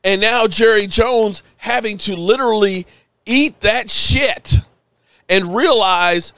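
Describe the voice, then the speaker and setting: A man's voice: high voice, takes it slowly, sharp tone, dry recording. A man live-streaming, emotional and a bit tipsy, rambling and swearing as he rants with emphatic bursts.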